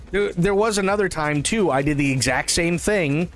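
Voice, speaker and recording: A man livestreaming a game tells a long, rambling story in casual, profane, animated chat, laughing at his own tales. His voice is high.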